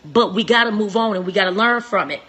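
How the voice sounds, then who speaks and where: A young woman hosting a live-stream relationship talk, preachy and emphatic, repeating phrases and swinging from soft to shouting. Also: mid-range voice, quick pace, slightly rough.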